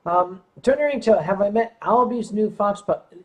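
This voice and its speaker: A man's voice: high voice, lively intonation, moderate pace. A middle-aged man hosting a live stream, reading viewer comments aloud in a teasing, chatty way. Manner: teasing, chatty, stumbles on words. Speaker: host.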